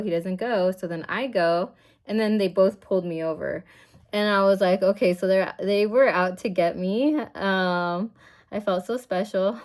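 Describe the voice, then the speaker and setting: Woman, 40s beauty vlogger, rambling storyteller, mid pitch, everyday at-home chat. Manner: rambling and chatty, full of "like" and "I'm like". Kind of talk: casual storytelling while getting ready.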